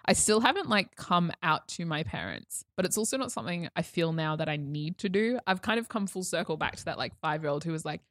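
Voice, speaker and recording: A woman's voice: lowish voice, animated, fairly quick, hardly any pauses, a bit bright. A young woman telling a personal story in a casual chat, acting out the lines she quotes. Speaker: guest.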